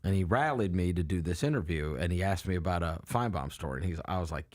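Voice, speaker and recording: A man's voice: deep voice, fairly quick, hardly any pauses. A man in sports radio, chatting in studio and laughing his way through a story. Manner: laughs through his stories, quotes others flatly. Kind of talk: casual studio chat.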